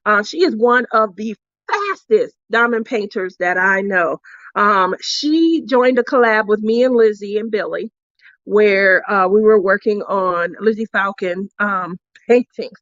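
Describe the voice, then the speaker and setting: A woman's voice: mid-range voice, measured pace, a bit bright, dry recording, muffled recording. A woman vlogger telling a craft retreat story in a casual way, laughing often between sentences. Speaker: crafting vlogger giving awards.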